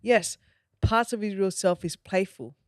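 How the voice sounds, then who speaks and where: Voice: medium pitch, measured pace, clear, resonant tone, dry recording, studio quality. A podcast host reflecting on a film in casual talk, acting out quotes and often checking in with "you know?". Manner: animated, acts out quotes, asks "you know?".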